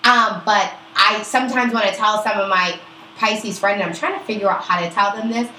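A woman talks in an easy, unfiltered way as a podcast co-host, speaking bluntly and swearing freely. Her voice has a bright, forceful edge, and the room around her rings with echo. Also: mid-range voice, steady tone, brisk, a little hiss or hum. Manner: blunt, profane, emphatic. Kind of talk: casual chat about astrology. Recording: roomy echo.

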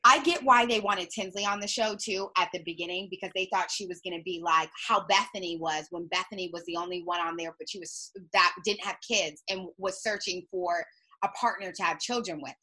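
A young woman in casual reality-TV chat, blunt and animated, swearing freely and mimicking people. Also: lowish voice, brisk.

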